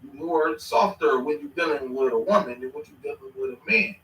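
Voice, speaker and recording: A man in his thirties telling stories in casual chat, animated and swearing freely. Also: a little high, brisk, distant mic, a little hiss or hum. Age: 30s. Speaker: podcast host. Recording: echoey room, away from the mic.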